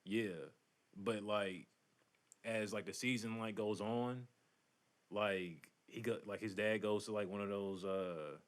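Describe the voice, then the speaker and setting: A man's voice: fairly low pitch, steady tone, slow. A man co-hosting a casual podcast, recapping a show in a rambling way with lots of fillers. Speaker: podcast co-host. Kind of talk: casual chat.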